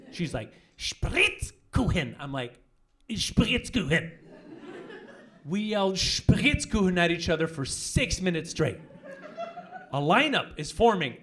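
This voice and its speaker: This is a man in his forties doing stand-up comedy into a handheld mic on a club stage. His voice sits high for a man and leaps around a lot in pitch. He jumps into loud, exaggerated voices whenever he hits a punchline. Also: slight background noise. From French-speaking Canada. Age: 40s.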